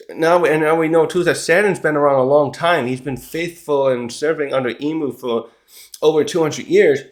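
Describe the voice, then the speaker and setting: A man giving a casual recap commentary of a comic chapter, rambling and often correcting himself. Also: a little high. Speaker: manga chapter reviewer.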